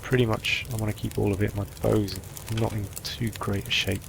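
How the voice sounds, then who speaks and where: A man giving relaxed let's-play commentary, thinking aloud as he sorts through supplies and plans his next move. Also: lowish voice, normal speed, gravelly, background noise. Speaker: gameplay commentator.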